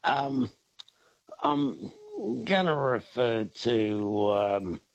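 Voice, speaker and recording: A man's voice: lowish voice, huge pitch swings, drawn-out words, creaky, no room sound, highs cut off. A man calling in to a radio quiz, drawling and jokey. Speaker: caller.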